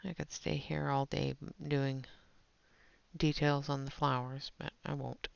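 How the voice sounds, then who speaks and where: On a live colouring stream, a woman chats casually with viewers in the chat while she demonstrates her work. Her voice rumbles low with little pitch movement, a measured pace and vocal fry, captured dry on dull, lo-fi stream audio.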